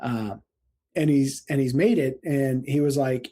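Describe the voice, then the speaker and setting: A man from central Illinois, a paramedic guest in a casual interview, telling lively stories and laughing often. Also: medium pitch, moderate pace. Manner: animated, laughs often, acts out quotes.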